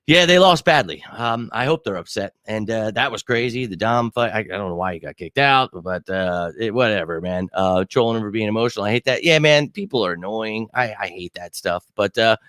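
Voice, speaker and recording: A man in his thirties hosting a live sports fan show, chatting casually and excitedly, swearing freely and using many fillers. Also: lowish voice, fairly quick, hardly any pauses, smooth, no echo, clean studio sound. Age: 30s. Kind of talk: casual live-stream chat.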